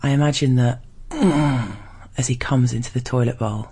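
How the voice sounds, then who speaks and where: A man reading a first-person erotic story aloud in a low, measured, intimate way. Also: steady tone, dark tone, breathy edge.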